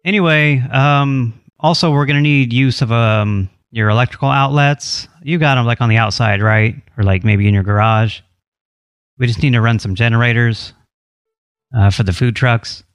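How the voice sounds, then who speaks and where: A man's voice: medium pitch, normal speed, clean tone, no room sound. A man posing as a homeowners' association official on a prank phone call, talking in a smug, teasing, unflappable way.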